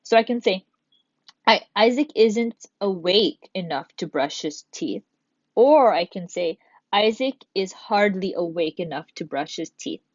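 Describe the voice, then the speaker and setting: A woman's voice: mid-range voice, animated, measured pace, no echo, highs cut off. Woman, teacher, recorded grammar lesson, patient step-by-step explaining, dry close sound. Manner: patient, explains step by step, reads examples aloud.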